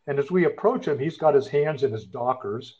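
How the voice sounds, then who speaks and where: A man's voice: medium pitch, expressive, a little fast, darkish tone. A man swaps old referee stories in an easygoing chat, slipping into the voices of the people he quotes. The sound is a little dull and lo-fi. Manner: anecdotal, acts out quoted voices. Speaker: former football referee, guest. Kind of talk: casual storytelling conversation.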